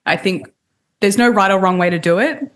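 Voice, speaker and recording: A woman dating coach, a guest on a podcast, calmly explaining techniques step by step in casual conversation. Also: mid-range voice, fast talker. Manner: calm, explanatory, walks through techniques step by step.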